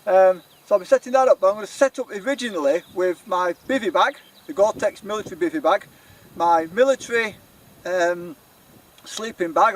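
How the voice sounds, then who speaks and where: A middle-aged man with a Yorkshire accent, rambling cheerfully through a camping vlog outdoors on a windy hilltop. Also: sits high. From Yorkshire, England. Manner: rambling, chatty, self-deprecating. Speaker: outdoor vlogger.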